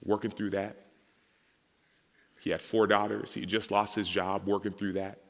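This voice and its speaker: Man, testimony talk, lowish forceful voice, long hall reverb. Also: normal speed. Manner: storytelling, acts out dialogue, grows emotional and animated. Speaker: speaker at a men's summit. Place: large hall with audience.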